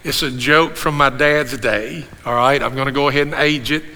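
A man in his sixties, a pastor preaching an animated sermon with rhetorical questions and repeated refrains. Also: medium pitch, moderate pace, slight background noise. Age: 60s. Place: church sanctuary. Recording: long hall reverb in a church.

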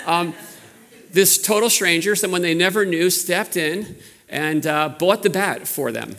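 A man with a New York accent, preaching a sermon in a relaxed, storytelling way with frequent restarts. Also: sits high, unhurried, big-room sound. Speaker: pastor.

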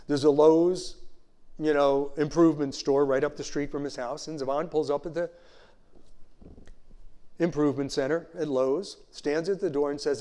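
A male pastor preaching a sermon in a conversational way, full of "you know" asides and slowing down to stress key phrases. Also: on the high side, fairly even intonation, warm tone, smooth. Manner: slows down to stress scripture phrases.

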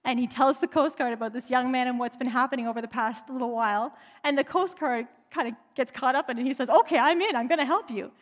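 Woman preacher, high-pitched, conversational storyteller; long reverb in a large hall. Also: steady tone, fast talker, few pauses. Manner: chatty, conversational retelling. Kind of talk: sermon storytelling.

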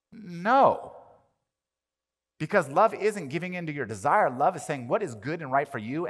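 A male pastor delivering a sermon, animated, swinging from loud emphatic lines to quiet ones. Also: a little high. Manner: animated, rises and drops in volume for emphasis. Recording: long reverb of a large hall.

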